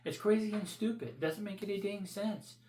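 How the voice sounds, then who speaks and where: A man's voice: high voice, fairly quick, dark tone, reverberant, a little hiss or hum. A man vlogging his opinions in a blunt, profane, rambling rant.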